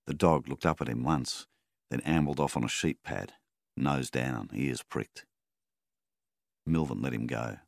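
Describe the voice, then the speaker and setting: A man reads a story aloud in a measured, unhurried way. His voice is very deep and gravelly. The recording is dry and close. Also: no echo. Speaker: narrator. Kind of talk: audiobook narration.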